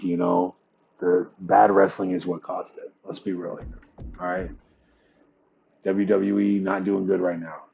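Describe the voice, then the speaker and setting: A man's voice: low voice, vocal fry, darkish tone, slight background noise. A man hosting a livestream and commenting casually, rambling with lots of fillers, swearing and chuckling. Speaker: streamer and show host.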